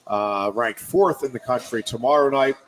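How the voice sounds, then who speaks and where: Middle-aged male sports radio co-host, steady and wry, casual. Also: mid-range voice, moderate pace, a little hiss or hum, poor audio. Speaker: co-host, wrestling play-by-play voice.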